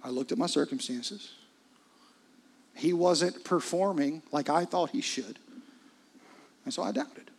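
Husky preacher, hushed to loud. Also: male voice, a little high, unhurried, pauses often. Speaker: pastor. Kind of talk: sermon.

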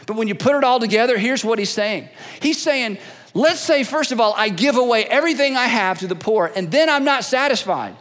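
Male pastor, very high voice, lively conversational sermon, long hall reverb. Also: brisk. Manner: animated, conversational preaching that swings between loud and hushed.

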